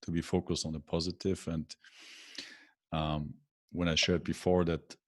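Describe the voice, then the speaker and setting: Male interview host with a deep voice, reflective and halting delivery. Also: flat delivery. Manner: hesitant, many filler words. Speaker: podcast host. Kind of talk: casual interview conversation.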